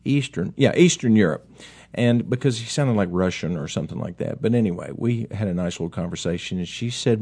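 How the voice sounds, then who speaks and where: A middle-aged man with a somewhat low voice hosts a casual talk segment about cars. He talks in a folksy, rambling way, drifting into chatty asides about customers and his own business. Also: animated, brisk, vocal fry, darkish tone, husky. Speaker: car dealership owner and radio host.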